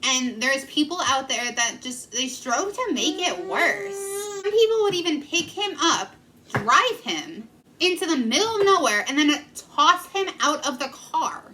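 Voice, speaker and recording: A woman's voice: high voice, big pitch swings, normal speed, bright, forceful tone, slight background noise, low-quality recording. A young woman in her twenties, a vlogger telling a local legend in a casual, earnest and emotional way. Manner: earnest, emotional, filler-heavy. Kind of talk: casual storytelling.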